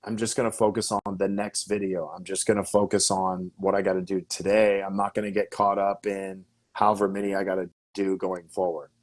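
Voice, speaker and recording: A man giving business-coaching advice as a guest in a casual interview, energetic and emphatic, who keeps checking in with "okay?" and "right?". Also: deep voice, fairly quick, few pauses.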